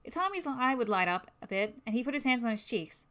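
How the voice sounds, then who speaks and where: A woman's voice: a little high, very animated, brisk, few pauses, a bit bright. A woman reading a fan-made game story aloud on a livestream, casual in manner. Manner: casual, with swearing asides. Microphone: new microphone.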